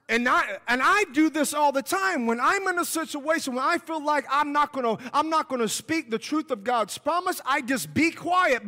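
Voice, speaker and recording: A man's voice: very high voice, pushed and bright. A man preaching a revival sermon in a church, fervent and emphatic, repeating his points. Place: church sanctuary. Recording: long hall reverb.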